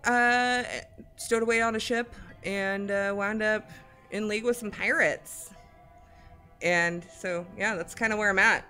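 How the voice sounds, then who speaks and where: A woman's voice: mid-range voice, pushed and bright. A woman player describing her character in a rambling, laid-back way with frequent fillers.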